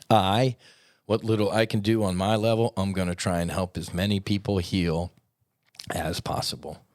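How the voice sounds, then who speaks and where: Male podcast host, low-pitched, earnest and rambling, dry close sound. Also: measured pace, no room sound. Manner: earnest, repetitive, often says "man". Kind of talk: reflective podcast monologue.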